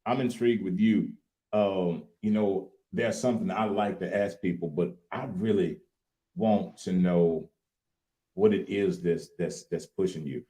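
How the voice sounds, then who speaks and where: A man in his late fifties from Louisiana with a Southern accent, co-hosting a casual livestream chat in a folksy, animated way. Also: low-pitched, unhurried. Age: late 50s. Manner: folksy, animated, repeats "look here". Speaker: co-host.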